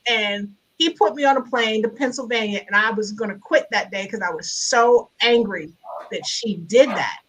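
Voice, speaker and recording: A middle-aged woman guest speaker telling a personal story over a video call, animated and laughing as she gets louder. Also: on the high side, moderate pace, slight background noise, low-quality recording. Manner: animated, grows loud and laughing in retelling. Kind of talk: storytelling in a conversation.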